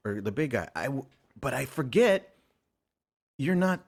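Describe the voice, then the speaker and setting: A man's voice: mid-range voice, measured pace, husky. A man in his forties talking with a friend in casual chat, rambling and correcting himself as he goes. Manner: rambling, self-correcting, animated.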